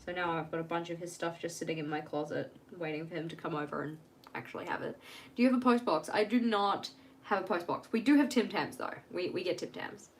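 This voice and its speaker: A woman's voice: fairly low pitch, quick pace, a little hiss or hum. A young woman chatting casually on a live stream from home while she works on her journal, rambling and laughing at herself.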